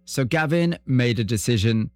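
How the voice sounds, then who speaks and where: A man's voice: medium pitch, expressive, normal speed, no room sound. Male radio host, dry studio sound. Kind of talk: scripted radio introduction and interviewing.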